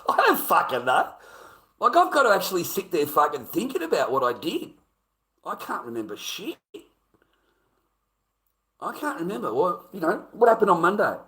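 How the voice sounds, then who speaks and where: A man's voice: sits high, wildly swooping pitch, moderate pace, pauses often, pushed and bright. A man who grew up in America, telling a story in a casual, rambling way and swearing freely as he retells a confrontation. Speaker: streamer.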